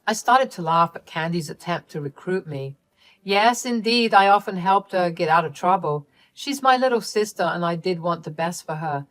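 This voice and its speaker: A woman narrating a first-person family story in an even, matter-of-fact way. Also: fairly low pitch, normal speed.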